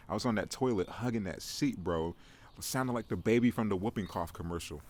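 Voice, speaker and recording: Rambling self-mocking young man, low voice. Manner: rambling, self-mocking, stammers and repeats words. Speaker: podcast host. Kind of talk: casual monologue.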